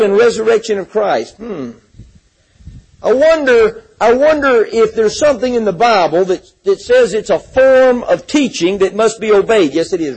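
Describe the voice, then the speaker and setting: Male preacher, high husky voice, emphatic sermon delivery with scripture readings. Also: low-quality recording. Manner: emphatic, repeats words, reads scripture aloud.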